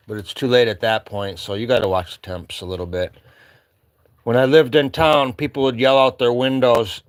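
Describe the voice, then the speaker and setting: A man's voice: lowish voice, no echo. A man vlogging casually from his cabin with a rambling, wry manner and an Upper Midwest American accent. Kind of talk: casual chat. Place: remote cabin.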